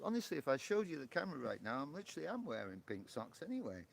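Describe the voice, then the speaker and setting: A man's voice: medium pitch, sing-song, fast, creaky, hardly any pauses, dry recording. A man hosting a live stream on a porch, chatting casually with viewers, joking and laughing often. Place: outdoor porch.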